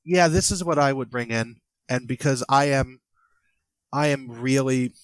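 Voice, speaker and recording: Man, American accent, podcast co-host, hesitant casual chat, mid pitch, dry close sound. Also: fairly even intonation, dry recording. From United States. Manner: hesitant, halting, full of fillers.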